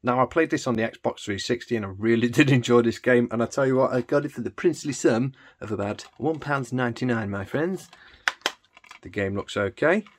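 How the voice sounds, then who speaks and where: Chatty gaming host. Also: male voice, medium pitch, a little fast. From England. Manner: chatty and jokey, exclaims while playing. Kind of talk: casual gameplay commentary.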